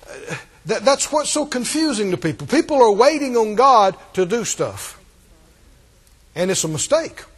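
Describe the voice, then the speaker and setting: A man preaching a sermon, animated and rising to emphatic, shouted points. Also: high-pitched, husky.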